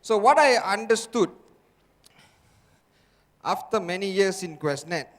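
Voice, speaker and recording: Male motivational speaker, high voice, slow and deliberate, keeps firing questions at the crowd, long hall reverb. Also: animated. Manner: repetitive rhetorical questions to the crowd. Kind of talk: seminar talk to a live audience.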